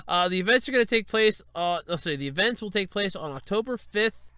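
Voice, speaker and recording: A man hosting his own podcast, talking alone and animated, who keeps breaking into helpless laughter. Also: high-pitched, fairly quick. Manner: animated, exaggerated and self-deprecating. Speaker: podcast host. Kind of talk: solo podcast commentary.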